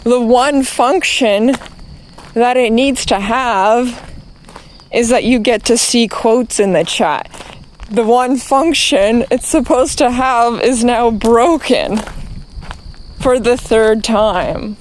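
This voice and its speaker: A woman's voice: on the high side, takes it slowly, a little hiss or hum. A woman streamer ranting, exasperated and profane, rambling along with many restarts. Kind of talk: ranting to camera.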